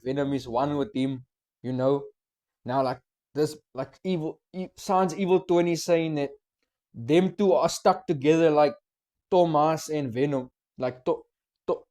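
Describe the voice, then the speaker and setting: Young male reaction host, slangy, excitable, slightly high voice. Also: moderate pace. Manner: excited, explains lyrics, mixes slang and swearing. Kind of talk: casual reaction commentary.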